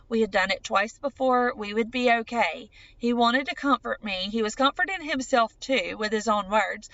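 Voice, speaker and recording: A woman tells her own story on a podcast. Her voice is bright and a touch high, and she chats along in an easy monologue, full of "like". The audio is slightly muffled and lo-fi. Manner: chatty, peppered with "like". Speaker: podcast host.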